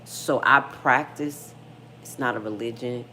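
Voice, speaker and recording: A woman's voice: very deep voice, a little slow, bright, forceful tone, slight background noise. A middle-aged woman hosting a casual livestream, frank and slangy, talking straight to her viewers and reading their comments. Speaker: livestream host.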